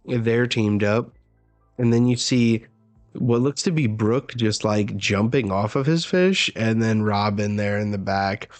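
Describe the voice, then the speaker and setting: A man hosting a live manga chapter reaction, who talks in an unhurried, hesitant way with many filler words. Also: fairly low pitch, no room sound, faint music behind.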